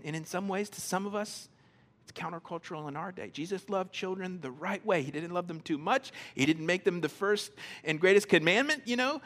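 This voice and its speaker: A man delivers a sermon in a relaxed, conversational style. His voice sits a bit on the higher side, and he acts out reactions and doubles up words as he builds his points. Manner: conversational, repeats words when starting sentences. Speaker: pastor.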